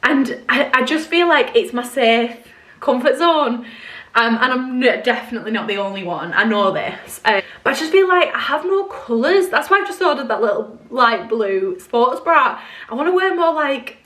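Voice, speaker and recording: A woman's voice: a little high, expressive, normal speed, a bit bright. A young woman, chatting casually to camera in her bedroom, rambling and self-deprecating. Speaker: vlogger. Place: bedroom at home.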